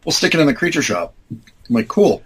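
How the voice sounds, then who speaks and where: A man in his fifties with a husky, slightly breathy voice sits in as a guest and tells a long, rambling tale. He restarts sentences and leans on fillers as he goes. When he quotes people, his pitch leaps high to act them out. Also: very animated, brisk, low-quality recording. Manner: acts out quoted dialogue with big jumps in pitch; rambling, self-correcting, many fillers. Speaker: interview guest. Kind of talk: casual anecdotal storytelling.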